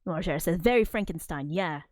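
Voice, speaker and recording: A woman's voice: lowish voice, animated, fairly quick, no echo. A woman streaming live from a home studio, rambling casually with many fillers and restarts as she talks about film and music. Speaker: streamer discussing her film score. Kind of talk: casual livestream talk.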